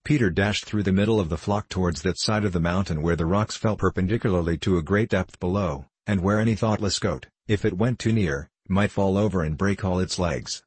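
Deep husky male storyteller. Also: no room sound. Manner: steady, measured storytelling. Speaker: audiobook reader. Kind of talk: scripted narration of a children's classic.

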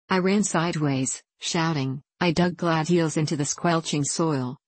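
A woman narrating a classic storybook in a measured, literary way. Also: low-pitched, darkish tone, no echo. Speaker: audiobook narrator. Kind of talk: storybook reading.

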